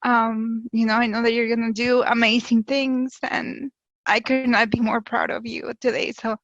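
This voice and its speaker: A cheerful woman encourages graduates over a video call, giggling between lines. Her voice is very high and bright. The audio is dull and dry. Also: little pitch movement, normal speed, no echo. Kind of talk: encouraging speech.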